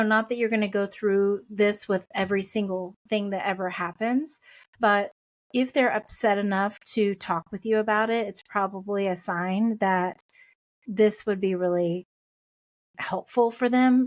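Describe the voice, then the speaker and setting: A woman in her thirties hosts a podcast on her own, speaking gently and conversationally. She wanders through her points with frequent fillers and restarts, in a voice of ordinary middle pitch. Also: fairly even intonation, normal speed. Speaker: podcast host. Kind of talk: casual solo podcast talk.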